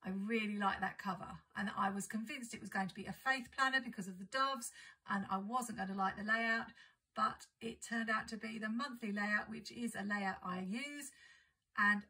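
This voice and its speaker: A woman's voice: medium pitch, moderate pace, sharp tone, slightly rough, rough recording. A woman chatting casually and enthusiastically as she unboxes and describes craft supplies for her vlog. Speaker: craft and planner vlogger. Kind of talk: casual haul unboxing chat.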